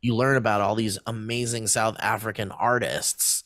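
A man's voice: lowish voice, flat delivery, moderate pace, a bit bright, dry recording, clean studio sound. A man in his thirties co-hosting a podcast, rambling through a casual story with plenty of swearing and laughter. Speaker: podcast co-host. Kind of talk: casual chat.

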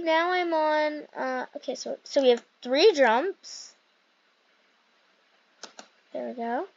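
A young woman giving rambling, excitable commentary while playing a video game, with many fillers. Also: high voice, slow pace, creaky, pauses often, dull audio. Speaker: gaming youtuber. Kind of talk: casual gameplay commentary.

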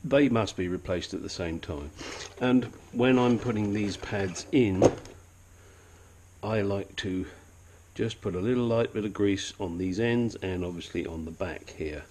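A man with a lowish, darkish voice speaks at a measured pace over slight background noise. He runs a home mechanic channel and casually narrates a brake and control arm job, swearing occasionally, going off on asides, and now and then using a silly accent.

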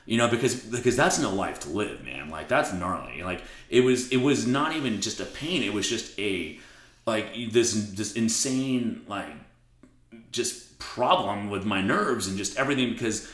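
A man telling a story as a podcast guest in a blunt, profane, animated way. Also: lowish voice, normal speed, roomy sound. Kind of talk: casual interview storytelling.

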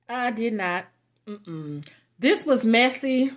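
A woman reviews products in an easy, unhurried way, her voice sitting a little high. She is blunt and frank, swears freely and laughs often as she talks. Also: lively intonation. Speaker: beauty and lifestyle vlogger. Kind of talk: casual product review chat.

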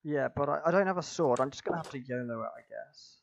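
Gravelly man in dull lo-fi audio. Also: medium pitch, quick pace. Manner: grumbly, deadpan, keeps saying mate. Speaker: gamer. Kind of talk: casual gameplay commentary.

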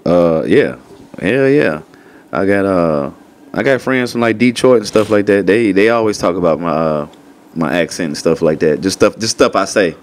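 A man's voice: low voice, normal speed. A man with a North Carolina accent, a comedian guest talking easygoingly in casual chat.

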